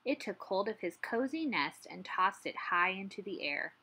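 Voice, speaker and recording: A woman teacher reading a picture book aloud with gentle, expressive storytelling. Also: medium pitch, moderate pace, slightly rough.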